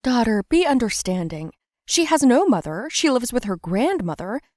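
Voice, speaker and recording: A woman voicing a patient mother who calmly reasons with and coaxes an upset daughter. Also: on the high side, normal speed, no echo, studio quality, voice pushed up. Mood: soothing. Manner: calm, coaxing, reasoning.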